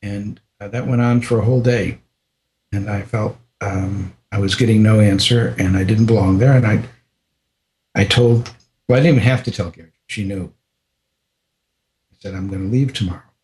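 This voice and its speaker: An older American man, a podcast guest, telling a personal story in a reflective, unhurried way, with frequent restarts and small laughs. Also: lowish voice, fairly even intonation, a little mellow. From United States.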